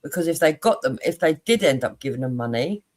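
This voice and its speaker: A man's voice: a little high, expressive, a little fast. A man in a casual live chat, earnestly arguing his point.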